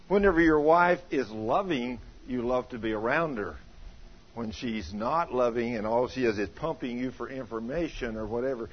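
A man's voice: mid-range voice, husky, muffled recording. A man preaching a folksy sermon, telling stories and acting out what people said. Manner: animated, acts out quoted voices, shouts in anecdotes. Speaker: pastor.

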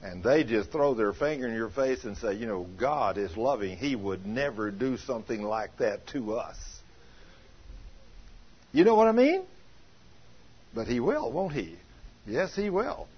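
Male pastor, husky, lively storyteller, lo-fi sound. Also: mid-range voice, measured pace, long pauses. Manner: animated, acts out quoted voices, shouts in anecdotes. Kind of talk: folksy sermon with storytelling.

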